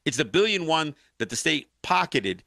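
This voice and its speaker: A man hosts a political talk show, his voice bright and edged. His pitch leaps around as he presses his case with fired-up restarts. The sound is dry and close, with no room around it. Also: moderate pace, creaky, dry recording. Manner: animated, impassioned commentary with frequent restarts.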